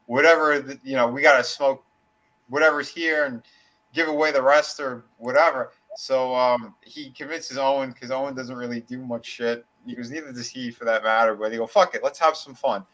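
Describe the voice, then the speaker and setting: A man's voice: medium pitch, steady tone, moderate pace, fairly bright tone, poor audio. A man co-hosting a casual wrestling podcast, telling a long story in a rambling way, with many fillers and restarts and casual swearing. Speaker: podcast co-host.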